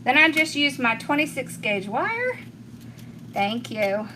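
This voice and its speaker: A woman's voice: high-pitched, sing-song, slow pace, pushed and bright, a little hiss or hum. A middle-aged woman with a Southern accent from rural Georgia, chatting with viewers as she demonstrates a craft, laughing often and thanking people by name. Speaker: craft tutorial host.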